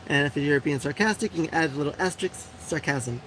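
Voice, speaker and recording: A woman's voice: low-pitched, fast talker, a bit bright, poor audio. Chatty blunt woman host, faint background hiss. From Puerto Rico. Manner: chatty and blunt, many fillers, frequent laughs. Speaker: live show host. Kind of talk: casual live-stream chat reading viewer comments.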